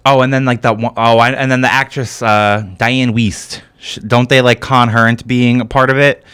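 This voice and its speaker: A man co-hosting a podcast, chiming in with quick agreements and questions in casual chat. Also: medium pitch, flat delivery, fairly bright tone, smooth.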